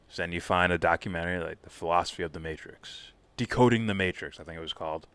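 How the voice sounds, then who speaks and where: A man's voice: low voice, quick pace, pushed and bright, smooth, no room sound. A man co-hosting a casual live reaction stream, rambling about films with lots of swearing and laughter. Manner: profane, rambling, laughs a lot. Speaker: co-host.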